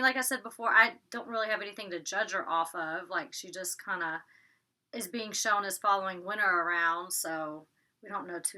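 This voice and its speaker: A young woman with a Southern drawl talks through a reality show episode in loose, chatty bursts. Her voice is very bright and forward, and she leans on "like" constantly. Her pitch sits in a middling range for a woman. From Georgia, US. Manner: chatty, fast, peppered with "like". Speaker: reality TV recapper. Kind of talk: casual episode recap.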